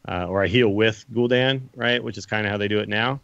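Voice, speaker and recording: A man's voice: mid-range voice, fast talker, hardly any pauses, fairly bright tone, smooth, no echo. Male co-host, hedging thinker, dry and muffled recording. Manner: thinks aloud, with frequent restarts and hedges. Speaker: podcast co-host. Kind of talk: casual card game discussion.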